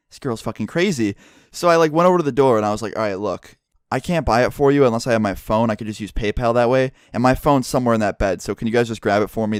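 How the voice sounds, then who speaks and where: A man's voice: mid-range voice, clear, resonant tone, dry recording. Young guy rattling off a crazy party story, swears a lot, super dry close mic sound. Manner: casual, profane storytelling, acting out dialogue. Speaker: YouTuber. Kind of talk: storytime vlog.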